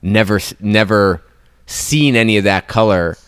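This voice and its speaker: Podcast co-host, man; very low, smooth voice, dry close mic, measured and often laughing. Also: no echo. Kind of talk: casual chat.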